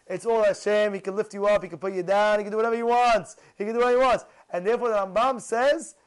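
A rabbi tells stories in a lively Torah talk, his voice sitting strikingly high for a man. He repeats phrases for emphasis and drops Hebrew terms into his English. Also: quick pace, smooth, low-quality recording.

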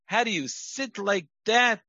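A man voicing a harsh spouse loudly and contemptuously scolding a child. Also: sits high, measured pace, no echo, lo-fi sound, voice pushed up, heavily acted. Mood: scornful.

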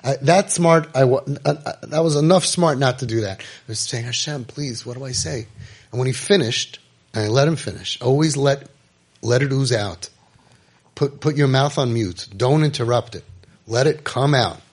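A middle-aged man telling a story and giving advice, emphatic, repeating phrases and dropping to quiet intensity. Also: medium pitch, moderate pace. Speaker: rabbi giving parenting advice. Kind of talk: impassioned storytelling talk.

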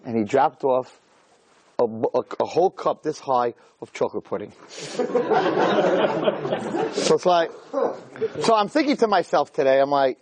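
Animated storytelling rabbi, lively voice. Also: male voice, medium pitch, a little slow, long pauses. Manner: animated, jokey storytelling with lots of "right?". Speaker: rabbi giving a talk. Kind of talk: storytelling lecture.

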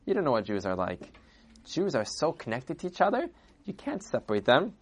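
A man voicing a calm, kindly older bishop in a told story, speaking softly and in a measured way. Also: medium pitch, husky. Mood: calm, knowing.

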